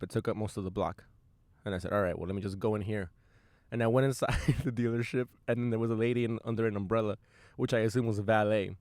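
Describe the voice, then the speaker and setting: A man's voice: mid-range voice, clean tone, no room sound. Profane, self-amused young man in a van. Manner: loose, profane and self-amused, quick bursts of excitement. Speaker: podcast host. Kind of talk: casual storytelling monologue. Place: inside his parked van.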